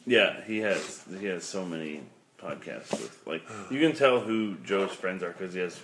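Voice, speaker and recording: A man's voice: low-pitched, moderate pace, noisy background. A man from the American Midwest co-hosting a podcast in casual chat, joking and swearing in a laid-back way. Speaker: podcast co-host.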